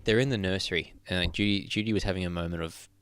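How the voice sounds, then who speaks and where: A man co-hosting a podcast, retelling film scenes in casual chat, swearing freely and excitedly. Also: sits low, racing, clear, resonant tone, no echo. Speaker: podcast co-host.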